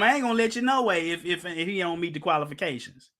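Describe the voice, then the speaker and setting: A middle-aged male preacher with a notably high voice, teaching scripture in a loose, conversational sermon. He is emphatic, pushes his listeners with rhetorical questions, and drops jokes along the way. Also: animated, fast, sharp tone. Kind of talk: informal Bible-teaching sermon.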